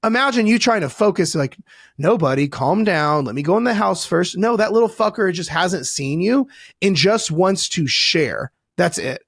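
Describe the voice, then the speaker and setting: Male podcast guest, coach type; animated, profane, a bit high-pitched, close dry sound. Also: moderate pace, gravelly, breathy edge, dry recording. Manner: animated, swearing, acts out voices. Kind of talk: casual podcast conversation.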